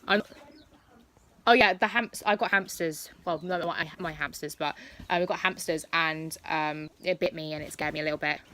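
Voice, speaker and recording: A young woman of eighteen chats through viewer questions about her pets. Her voice is bright and clear, and her talk rambles with plenty of fillers and restarts. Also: low-pitched, moderate pace. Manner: chatty, rambling with many fillers. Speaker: pet YouTuber. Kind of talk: casual Q&A vlog.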